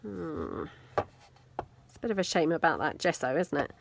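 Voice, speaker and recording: A British woman speaks at a measured pace in a low, gravelly voice with big pitch swings. As host of a casual mixed media craft tutorial, she chats while working, thinking aloud and making fun of herself.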